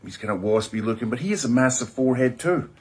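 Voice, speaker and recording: A man giving a rambling, deadpan satirical comedy review of a film, sardonic and self-mocking. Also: medium pitch, fast, slightly rough.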